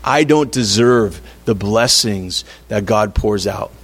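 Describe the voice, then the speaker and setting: A man's voice: on the low side, slow. A man preaching a sermon in a conversational, playful way, acting out little quotes to make his point. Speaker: pastor.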